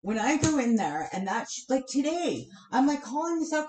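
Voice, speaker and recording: A woman's voice: high-pitched, sing-song, normal speed, darkish tone, soft background music. A woman venting on a live stream, heated and swearing often, with sighs between bursts of anger. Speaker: vlogger. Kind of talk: angry live-stream rant. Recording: roomy echo.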